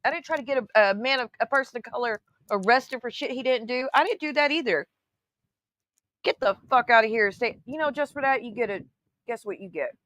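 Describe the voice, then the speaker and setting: A woman's voice: on the high side, lively intonation, a little fast, fairly bright tone, no echo. A woman hosting her own channel, giving sarcastic, profanity-laced casual commentary on clips. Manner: sarcastic, profane, calls people honey. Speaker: YouTube host reacting to clips.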